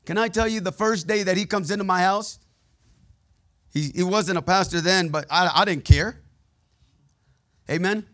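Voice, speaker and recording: A preacher with a somewhat high voice delivers a conversational sermon, trading quick asides with his congregation. He tells his own stories candidly and plainly, keeping the tone personal rather than formal. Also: fairly bright tone.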